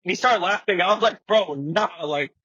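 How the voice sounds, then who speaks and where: High, husky young man, dry dull studio sound, swears a lot, animated storyteller. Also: moderate pace, dry recording. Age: young adult. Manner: profane, slangy, acts out quotes. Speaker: guest, pro skateboarder. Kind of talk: animated storytelling with quoted voices. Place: podcast studio.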